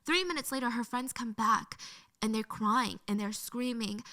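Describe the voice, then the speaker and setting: A woman's voice: a little high, moderate pace, pushed and bright. A woman narrating a true crime story in an earnest, emotional way, played from her original video.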